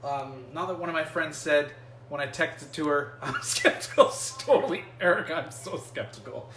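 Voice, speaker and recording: A man's voice: on the high side, normal speed, pushed and bright, reverberant, distant mic, a little hiss or hum. Chatty joking man hosting a cooking vlog. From United States. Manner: chatty and joking, thinking aloud while cooking. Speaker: cooking show host. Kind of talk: casual cooking vlog, talking to live chat. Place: home kitchen, indoors.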